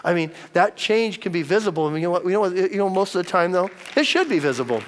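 A man's voice: high voice, lively intonation, quick pace, slight background noise. A middle-aged man preaching a sermon as a pastor, chatty and storytelling, repeating words as he goes. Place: church hall. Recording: long reverb of a large hall.

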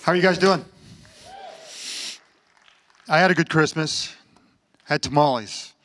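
A man's voice: fairly high pitch, unhurried, a bit bright. A man giving a plainspoken personal testimony at church, earnest with a light joking touch.

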